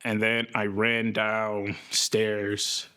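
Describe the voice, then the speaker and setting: A man speaks in a documentary interview, slow and halting, often pausing to find the right word. His voice sits low and his pace is unhurried. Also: completely flat delivery, pushed and bright, clean tone. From United States. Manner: slow, halting, searching for words. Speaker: interviewee recounting a psychosis episode.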